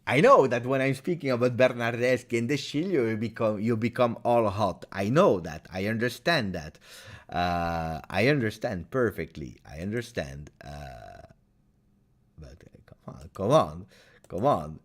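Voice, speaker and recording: A man hosting a live-stream fan chat, excitable and halting, repeating himself with many fillers and loud bursts. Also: lowish voice. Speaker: fan channel host.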